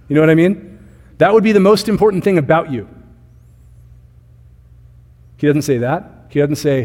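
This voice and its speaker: A man in his thirties preaching to his church in a relaxed, chatty way, often stopping to ask the congregation questions. His voice sits a little high and comes across slightly husky. The sanctuary around him adds a long reverb. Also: fairly quick. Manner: conversational, asks the congregation questions. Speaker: pastor. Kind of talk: sermon.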